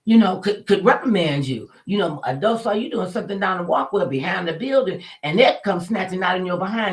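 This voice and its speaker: An animated woman telling a story from her own life in casual, colloquial talk. She acts out the voices of the people she quotes. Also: lowish voice, brisk, few pauses, rough recording.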